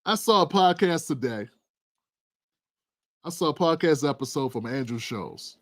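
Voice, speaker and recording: High-voiced slangy male commentator. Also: fairly bright tone. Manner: slangy, emphatic, talks straight to viewers. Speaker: show host. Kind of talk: casual political commentary.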